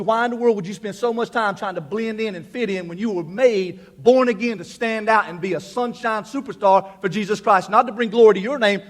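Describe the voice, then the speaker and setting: Preaching from a church pulpit, a middle-aged pastor's voice sits high for a man. He is emphatic, repeating words and phrases to press his points when fired up, dropping into quiet asides before rising to loud declarations.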